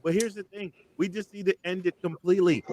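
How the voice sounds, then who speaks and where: A man's voice: sits high, fairly even intonation, fast, darkish tone. A man hosting a casual podcast chat, moving the talk through wrestling news with emphatic opinions. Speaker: podcast host.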